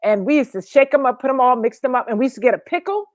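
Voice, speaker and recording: A playful woman co-host with a high voice chatters and laughs through a casual online show. She keeps slipping into joking accents. The sound is dry and close. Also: lively intonation, very fast, darkish tone, dry recording.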